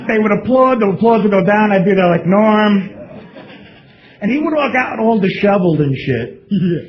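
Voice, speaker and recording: Guy riffing stories on stage, high lively voice, muffled lo-fi live tape with crowd noise. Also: fairly quick. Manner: loud, profane, laughing through stories, mimics others in low voice. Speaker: comedian telling stories on stage. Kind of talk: live stand-up storytelling. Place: comedy club stage with audience.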